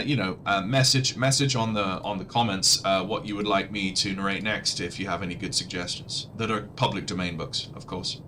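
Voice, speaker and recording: A man's voice: lowish voice, pushed and bright, a little hiss or hum. A man casually commentating his flight-sim livestream, chatty and rambling, often restarting his sentences. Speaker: livestreamer and audiobook narrator.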